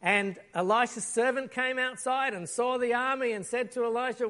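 Energetically retelling a Bible story, a high-voiced preacher acts out the quoted lines and grabs props as he goes. His sermon is lively and moves at a moderate pace.

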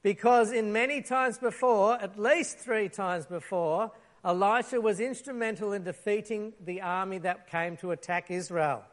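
A man preaching a sermon, telling a Bible story in a lively way, acting out the lines and using props. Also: sits high, normal speed.

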